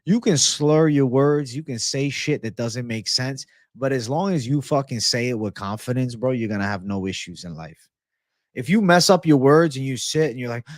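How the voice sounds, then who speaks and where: A man's voice: medium pitch, moderate pace, dry recording, studio quality. A young man hosting a casual MMA livestream, swearing freely and answering chat in a laid-back way. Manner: profane, laid-back, reads chat aloud. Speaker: MMA show host.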